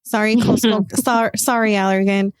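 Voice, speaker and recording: A mid-pitched woman hosts a casual podcast. She talks in a chatty, emphatic way and keeps asking follow-up questions. The sound is dry and close. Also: steady tone, normal speed, clean tone, no echo. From United States. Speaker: podcast host.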